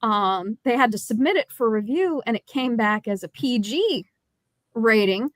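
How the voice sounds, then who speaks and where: Female co-host, fairly high voice, dry close sound, measured and analytical. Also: expressive, dry recording. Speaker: podcast co-host. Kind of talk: casual movie review chat.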